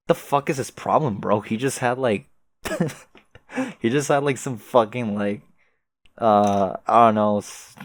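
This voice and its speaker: Low-voiced young man rambling and giggling. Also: steady tone, unhurried, dry recording. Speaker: reader and commentator. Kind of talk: reading a webcomic aloud with reactions.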